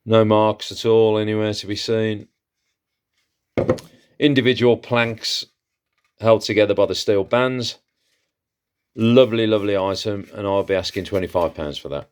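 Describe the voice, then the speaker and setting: A man's voice: on the low side, fairly even intonation, moderate pace, long pauses, clear, resonant tone. A man who hosts a vlog and chats with enthusiasm as he shows off his antiques haul, with frequent fillers. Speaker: antiques seller and channel host. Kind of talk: casual haul vlog, showing items.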